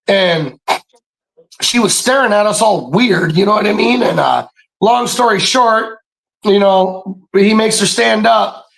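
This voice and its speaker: A man telling stories in a casual monologue, animated and preachy, swearing freely and often breaking into shouts. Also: sits high, gravelly, poor audio. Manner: profane, streetwise slang. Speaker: podcast speaker.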